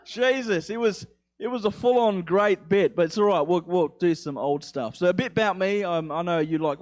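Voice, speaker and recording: A man's voice: high voice, moderate pace. A young man doing a rambling, profane stand-up set, with an accent somewhere between English and Australian. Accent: mixed English and Australian. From England. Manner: rambling, profane, self-mocking. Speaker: stand-up comedian.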